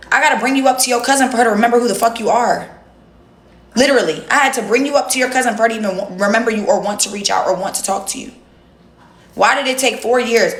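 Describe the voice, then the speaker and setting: Chatting casually on her livestream, a young woman addresses viewers straight on, blunt and openly profane. Her voice is fairly high and a bit bright, in a roomy space with slight background noise.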